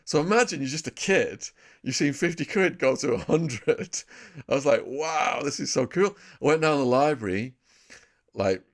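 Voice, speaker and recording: A man in his fifties from England with a northern English accent, a podcast guest telling lively anecdotes about his life in a casual interview. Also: medium pitch, normal speed. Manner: lively anecdotal storyteller, laughs at his own tales.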